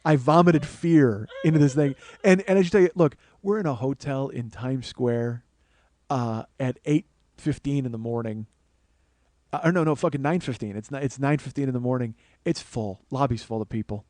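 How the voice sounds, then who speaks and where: A man's voice: medium pitch, moderate pace, dark tone, dry recording. Profane man telling a comic story. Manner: profane, rambling, self-mocking storyteller. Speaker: comedy podcast host.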